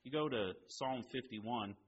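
A man's voice: medium pitch, a little slow, lo-fi sound, a little hiss or hum. Man preaching with rhetorical questions. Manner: rhetorical questions, swings between loud emphasis and hushed lines. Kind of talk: sermon.

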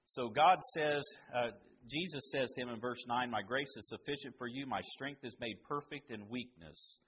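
A man's voice: medium pitch, moderate pace, highs cut off. Man, preacher, sermon, rhetorical questions, faint room hum. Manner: rhetorical questions, swings between loud emphasis and hushed lines.

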